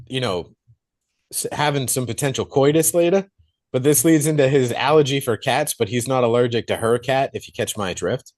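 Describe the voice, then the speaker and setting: This podcast co-host, a man reviewing a film, casually retells the movie's plot in animated detail and swears freely. His voice sits in the mid range and moves at a moderate pace.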